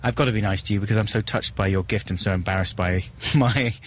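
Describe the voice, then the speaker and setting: A man's voice: on the low side, quick pace, a little hiss or hum. Rambling man on festival radio. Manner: rambling, playful, many "like"s and restarts. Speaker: radio host. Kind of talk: live radio banter. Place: live broadcast from a music festival.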